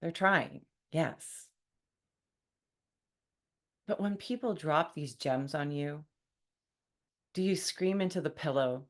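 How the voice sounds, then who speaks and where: A woman with a low voice hosts a solo podcast, speaking in a wry, conversational tone at an unhurried pace. She acts out the things people say to her.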